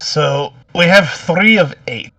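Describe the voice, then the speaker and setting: A man plays a tabletop role-playing game in a casual, jokey way. His voice is bright and swings widely in pitch, and he sits some distance from the mic. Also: animated, slow. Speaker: player.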